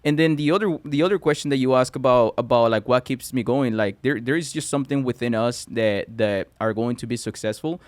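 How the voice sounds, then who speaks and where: A man's voice: mid-range voice, fairly quick, hardly any pauses, dry recording. A man from Colombia with a Colombian accent, a Spanish native speaker, talking eagerly as a guest in a casual podcast conversation and often restarting his words. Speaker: guest entrepreneur.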